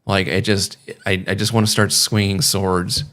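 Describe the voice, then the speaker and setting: A man's voice: sits low, flat delivery, normal speed, a bit bright. A young man chatting casually on a stream, rambling and swearing with many fillers. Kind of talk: casual chat.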